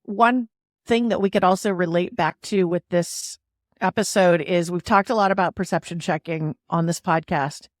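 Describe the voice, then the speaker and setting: A woman's voice: fairly low pitch, normal speed, no echo, studio quality. A woman hosting a podcast, explaining ideas in a casual, playful way and leaning on emphasis. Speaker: podcast host.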